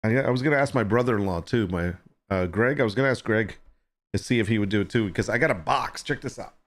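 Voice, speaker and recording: A man's voice: on the low side, quick pace, fairly bright tone. A man hosting a casual livestream chat, joking with and teasing viewers and greeting them by name. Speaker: livestream host.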